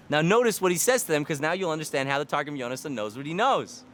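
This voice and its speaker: A man giving a lively Torah lecture, firing rhetorical questions and repeating key lines for emphasis. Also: fairly high pitch, brisk, slight background noise. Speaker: Torah teacher.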